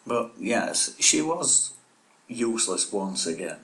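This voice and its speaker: Man, very deep voice, podcast co-host, casual chat, dry blunt humor. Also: big pitch swings, slow, a bit bright. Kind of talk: casual banter reviewing an episode.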